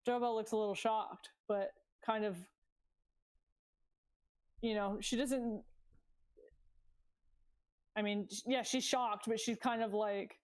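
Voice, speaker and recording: A woman's voice: on the high side, steady tone, unhurried, long pauses. A woman playing a tabletop game who reacts and talks casually. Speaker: player.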